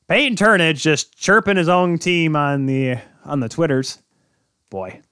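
A man's voice: fairly high pitch, expressive, brisk, fairly bright tone, clean tone, no echo, studio quality. A man hosting a sports podcast, talking casually on his own in a rambling, joking way and correcting himself as he goes. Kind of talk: casual solo sports talk.

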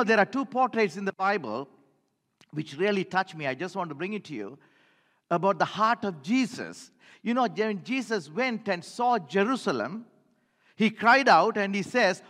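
Guy preaching, high voice, lots of repeating lines back at the church, big hall echo. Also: fairly bright tone. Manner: emphatic, repeats phrases for the congregation. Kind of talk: sermon.

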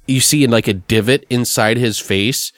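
A man's voice: medium pitch, normal speed, a bit bright, no room sound, clean studio sound. A man in casual conversation, brainstorming a story plot and rambling with lots of "like" and restarts.

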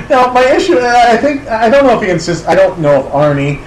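A man in casual movie-talk banter who swears a lot and breaks into loud, excited outbursts. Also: sits high, a little fast, reverberant, noisy background.

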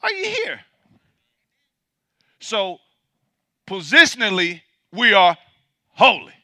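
High, bright-voiced man preaching emphatically. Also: huge pitch swings, slow, no echo, clean studio sound. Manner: emphatic, repeats points for the congregation; swings from loud preaching to quiet asides. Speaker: pastor. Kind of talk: sermon.

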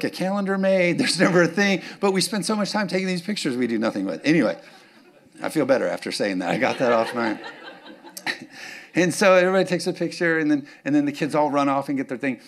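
A man, preaching a sermon as pastor, joking and chatty, then rising to fervent urging. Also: on the high side.

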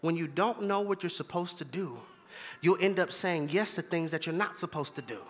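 A man's voice: a little high, normal speed, in a large hall. A man preaching a sermon as pastor in a church, emphatic and repetitive, calling out to the congregation. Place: church sanctuary.

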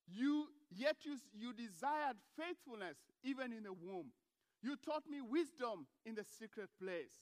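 High-voiced impassioned male preacher. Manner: impassioned, swinging from hushed to loud emphatic preaching. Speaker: pastor. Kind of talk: sermon.

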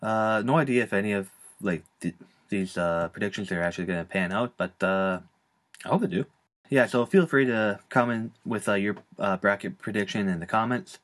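Relaxed low-voiced young man hosting a podcast. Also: moderate pace. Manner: relaxed, filler-heavy, joking. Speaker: podcast host. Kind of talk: casual podcast chat.

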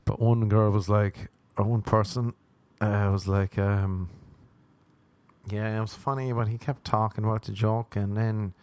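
A man's voice: lowish voice, fairly even intonation, measured pace, a little mellow. A young Irish man, a stand-up comedian, rambling self-mockingly through a casual podcast outro.

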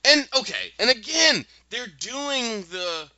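A man hosting a podcast, recapping an episode in a casual, animated storytelling way with quick asides. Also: very high-pitched, dull audio.

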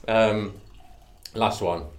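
A man's voice: on the low side, fairly even intonation, extremely slow, a crowd in the background. A young man on a comedy podcast, swearing freely, laughing often and slipping into mock Cockney phrases. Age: young adult. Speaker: podcast co-host. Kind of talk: crude comedic podcast banter.

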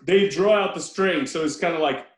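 A man on a casual film podcast, retelling a movie with animated storytelling and frequent laughs. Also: a little high, normal speed. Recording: echoey room.

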